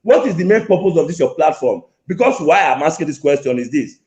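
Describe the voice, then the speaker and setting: A man's voice: on the high side, animated, fairly quick, darkish tone, lo-fi sound. A man calling in, repeating his points insistently and confronting the host. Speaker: caller. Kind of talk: heated call-in argument. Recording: echoey call-in line.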